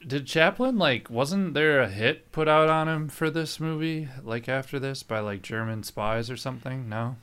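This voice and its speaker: A man's voice: mid-range voice, moderate pace, hardly any pauses, fairly bright tone, smooth. A man co-hosting a casual movie podcast, playful and teasing. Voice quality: blond. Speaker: podcast co-host. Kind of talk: casual movie review chat.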